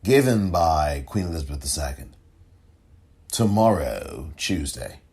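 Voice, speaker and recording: A man hosting a solo political commentary podcast, speaking in a deliberate, emphatic, indignant way. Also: sits low, a little mellow, breathy edge.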